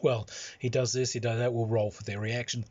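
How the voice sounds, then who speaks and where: A man recounts a tabletop campaign as its game master. He rambles, full of ums and chuckles, in a husky voice at middling pitch. The recording sounds dull and lo-fi. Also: little pitch movement, a little fast, darkish tone. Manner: rambling, lots of fillers and chuckles. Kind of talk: anecdotal storytelling.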